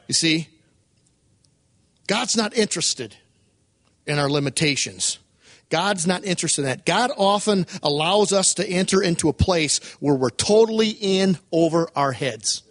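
A male preacher delivers an emphatic sermon in a high, light voice, firing off rhetorical questions. The sound is close and dry, with almost no room echo. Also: animated, unhurried.

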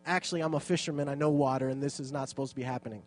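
A man's voice: medium pitch, steady tone, very fast, voice pushed down, close to an everyday voice. A man voicing an impetuous young fisherman apostle who blurts things out in casual slang. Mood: dismayed.

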